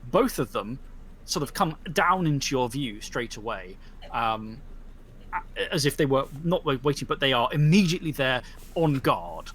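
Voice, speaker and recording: A man's voice: mid-range voice, expressive, moderate pace, fairly bright tone. A man narrating as game master in a tabletop game, describing scenes with many fillers and restarts.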